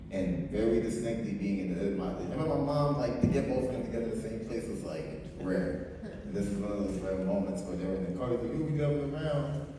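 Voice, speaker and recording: A man's voice: fairly low pitch, noisy background. A man telling casual family stories in a loose, rambling way, quoting what others said. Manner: loose, rambling anecdotes with quoted dialogue. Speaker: family member sharing memories. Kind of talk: casual storytelling. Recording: echoey hall from far off.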